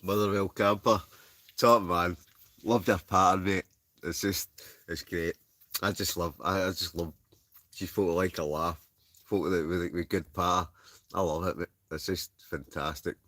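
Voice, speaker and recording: This Scottish man has a deep, sharp-toned voice with fairly even intonation and an unhurried pace, and there's no echo. Hosting a wild camping livestream inside a heated tent with a stove, he chats in a rambling way, laughing often and reading out live comments to answer them.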